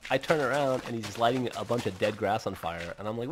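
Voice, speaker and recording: A man's voice: on the low side, fairly quick, background noise. A man in his forties telling funny personal stories in a casual chat, swearing freely and acting out the people he quotes. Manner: animated, swears freely, acts out quoted voices. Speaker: podcast host telling stories. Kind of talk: casual storytelling with laughs.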